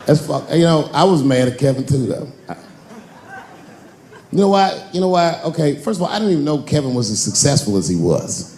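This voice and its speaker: A man in his forties performing a stand-up comedy set on stage, telling a long story and jumping into high-pitched voices for the characters. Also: big pitch swings, brisk, a little mellow, a little hiss or hum. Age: 40s. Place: large theater stage with a live audience.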